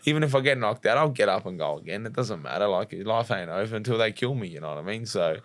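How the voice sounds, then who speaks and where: A young Australian man, a fighter and podcast guest, chatting bluntly with lots of swearing and animated storytelling. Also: fairly low pitch, quick pace, no echo. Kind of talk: casual chat.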